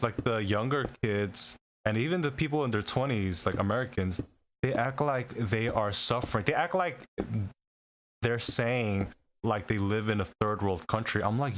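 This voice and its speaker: A man's voice: medium pitch, moderate pace, a little hiss or hum. A man co-hosting a live stream, telling a story in an exasperated, casual way. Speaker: co-host. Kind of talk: casual chat.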